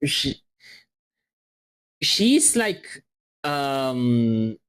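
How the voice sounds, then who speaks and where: A man streaming and chatting casually, teasing his friends in a halting way. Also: medium pitch, sing-song, a bit bright, clean tone. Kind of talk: casual chat on a live stream.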